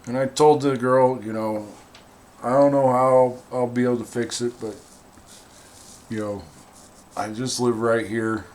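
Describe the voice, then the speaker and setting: A man casually telling a funny personal story in a wry, animated way, acting out the other people's lines. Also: mid-range voice, unhurried, pauses often, slight background noise. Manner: wry, animated, acts out quoted voices.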